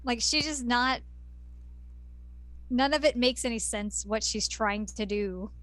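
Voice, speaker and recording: A woman's voice: on the high side, takes it slowly, a bit bright. A woman co-hosting a casual chat, giving opinionated asides. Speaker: podcast co-host.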